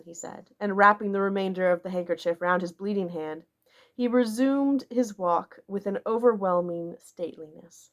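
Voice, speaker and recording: This is a woman reading a classic novel aloud as an audiobook. Her delivery is measured and expressive, and she shapes each sentence with care. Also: mid-range voice. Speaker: audiobook narrator.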